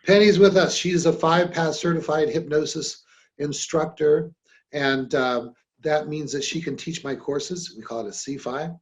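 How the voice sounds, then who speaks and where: A man's voice: a little high, moderate pace. A man hosting a podcast about hypnosis, talking in a friendly, rambling way with many fillers. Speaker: podcast host and hypnosis trainer. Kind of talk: casual podcast chat.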